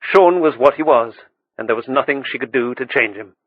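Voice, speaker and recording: A man reading an audiobook with steady, measured storytelling. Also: medium pitch, dry recording, phone-quality sound. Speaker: audiobook narrator. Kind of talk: scripted audiobook narration.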